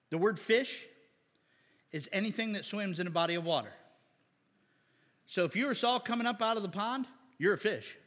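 A man with a high voice preaches to his congregation in a loose, folksy way, tossing questions out to them. His words ring with a long reverb, as if in a church sanctuary. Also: a bit bright. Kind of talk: conversational sermon.

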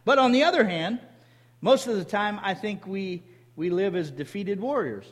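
High-voiced preaching man in a reverberant hall. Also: lively intonation, normal speed. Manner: emphatic preaching with call-and-response. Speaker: pastor. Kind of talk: sermon.

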